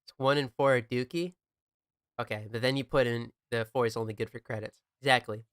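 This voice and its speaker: A man's voice: medium pitch, fairly even intonation, brisk, fairly bright tone, clean tone, dry recording, clean studio sound. A young man chatting casually while streaming a game, laid-back, joking and swearing often. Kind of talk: casual chat while gaming.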